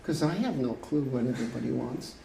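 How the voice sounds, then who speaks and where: An older man, an urban planner, telling animated stories at a conference. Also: mid-range voice, a little fast, vocal fry. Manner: animated, chatty storyteller. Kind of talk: storytelling presentation. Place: conference room. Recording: echoey room with faint noise.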